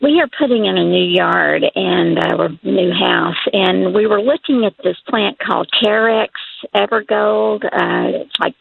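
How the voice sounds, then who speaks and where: Raspy woman caller on tinny phone line. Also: medium pitch, unhurried, a little hiss or hum. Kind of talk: call-in question on radio.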